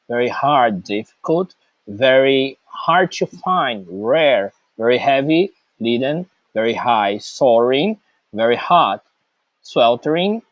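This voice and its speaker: A man giving an English vocabulary lesson, speaking slowly and listing words one at a time with pauses. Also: mid-range voice, no room sound, lo-fi sound. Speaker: English teacher. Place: outdoors, rain starting.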